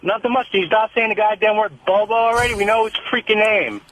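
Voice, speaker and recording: A man's voice: sits high, fast talker, a bit bright, slight background noise, low-quality recording. A man calling in to a radio show, irritated and insulting toward the host. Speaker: radio caller.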